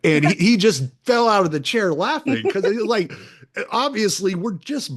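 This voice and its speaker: A man's voice: high voice, lively intonation, normal speed. A middle-aged American man hosting a podcast, chatting casually and telling rambling stories with lots of restarts and laughter. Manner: rambling storyteller with many restarts, laughs often. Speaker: podcast host. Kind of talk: casual chat.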